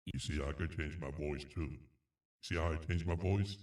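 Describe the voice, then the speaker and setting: A man using a deepening voice changer to sound like a booming robot villain, hamming it up playfully. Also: normal speed, darkish tone. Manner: playful, hammy. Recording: distant and roomy.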